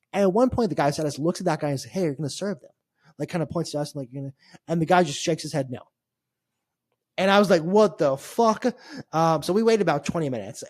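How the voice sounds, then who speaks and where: A man tells a long-winded travel story on a casual podcast. He rambles and restarts, wry and a little exasperated, and his voice sits a bit high for a man. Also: darkish tone, dry recording, clean studio sound. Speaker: podcast co-host. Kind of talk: casual chat.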